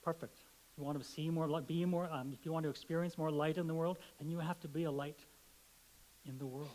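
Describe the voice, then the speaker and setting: A man's voice: fairly high pitch, fairly even intonation, fast talker, a little mellow, rough recording. A middle-aged man preaching a sermon in a conversational, playful way, telling stories and acting out the voices in them. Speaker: pastor. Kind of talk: sermon with storytelling.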